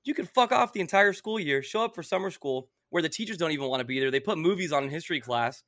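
A young man tells a rowdy, profanity-laced story, his voice high and swinging all over. The tone is bright and edgy. The sound is dry and close. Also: fast, dry recording. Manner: animated, profane, bursts into shouts while telling a story. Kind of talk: casual storytelling.

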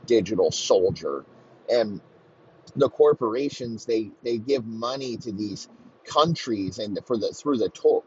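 A man ranting crudely and mockingly, swearing constantly in a comedic tirade. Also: mid-range voice. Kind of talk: profane comedic rant. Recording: slightly muffled lo-fi recording, faint background noise.

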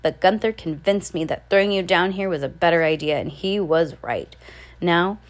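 A woman's voice: lowish voice, normal speed, close to an everyday voice. A woman voicing a scheming, greedy wealthy guardian who gloats over the children in a storybook reading. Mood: gloating. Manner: haughty, gloating.

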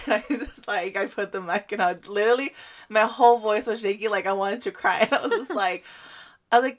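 Young woman, guatemalan family, casual chat, says like a lot, animated storyteller, laughs a lot. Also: medium pitch, fairly quick. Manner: animated storytelling, heavy use of "like", frequent laughter.

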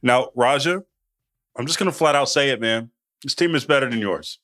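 A man hosting a sports podcast in a loud, punchy, teasing casual chat. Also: mid-range voice, normal speed, dry recording, studio quality. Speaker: podcast host.

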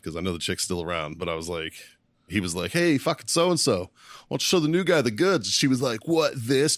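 A man in his thirties telling barracks stories on a podcast, profane and animated, often breaking into laughter. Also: fairly low pitch, no room sound, clean studio sound. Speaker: podcast co-host. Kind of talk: casual storytelling.

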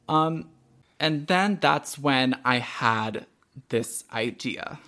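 A young man co-hosting a podcast, telling a story in casual chat, animated and swearing freely with lots of "like" fillers. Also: a little high, slow pace. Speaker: podcast co-host.

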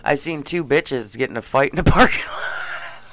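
A man telling stories in casual chat, animated and laughing often as he acts out what people said. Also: medium pitch, moderate pace, no room sound. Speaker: gas station clerk.

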